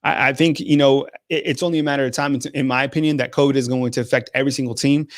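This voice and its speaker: A man's voice: mid-range voice, fairly even intonation, very fast, dry recording, studio quality. A man hosting a sports call-in show, talking hesitantly with many restarts. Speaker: host.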